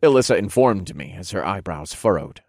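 A man narrating a first-person audiobook story in a slow, deliberate way. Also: low-pitched, expressive, creaky, darkish tone, no echo, clean studio sound.

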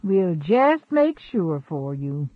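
A man's voice: on the high side, sing-song, slow pace, dry recording, exaggerated voice. Male reader as a gaunt sneering slave catcher, mocking and menacing, dry lo-fi sound.

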